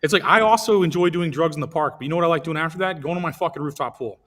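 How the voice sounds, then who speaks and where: Fast-talking man on a podcast. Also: a little high, fairly bright tone. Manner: rambling, profane storytelling. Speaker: podcast host. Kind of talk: casual comedic chat.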